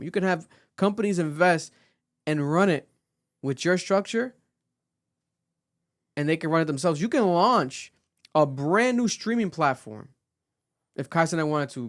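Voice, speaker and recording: A man on a podcast, talking in a loose, animated way with many fillers and restarts. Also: a little high, dry recording, studio quality. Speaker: podcast co-host. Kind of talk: casual podcast chat.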